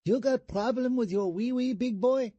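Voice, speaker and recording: A man putting on a crude, mocking falsetto woman's voice with broken English for an audiobook character. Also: normal speed, dark tone, no room sound, muffled recording.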